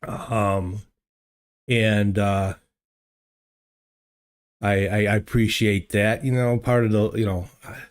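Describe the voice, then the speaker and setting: Slow, low-voiced man chatting on a livestream. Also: level tone. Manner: rambling, chatty, many fillers and restarts. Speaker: livestream host. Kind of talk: casual chat with live chat viewers. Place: home streaming studio. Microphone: desk microphone.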